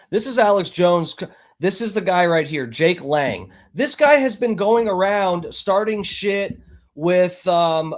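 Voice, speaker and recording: A man hosting a live stream, giving profane, mocking, agitated commentary. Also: high-pitched. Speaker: streamer host.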